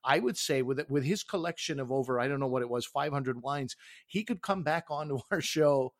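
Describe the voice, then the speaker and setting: A man's voice: mid-range voice, a little fast, no echo, studio quality. A man co-hosting a podcast in casual chat, teasing and joking with his partner. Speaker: podcast co-host.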